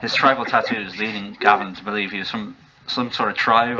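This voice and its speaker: A man narrating a comedic story in a mock-epic deadpan style, laughing through some lines. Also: on the low side, brisk, rough recording.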